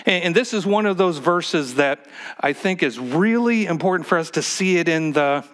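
A man, the pastor of his church, preaching a sermon in a halting way with many repeated words, now and then calling on the congregation to answer. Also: a little high, lively intonation, fairly bright tone.

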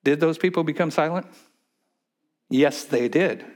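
A man preaching a sermon, swinging between loud, emphatic stretches and hushed, whispered ones. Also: a little high, unhurried. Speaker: pastor.

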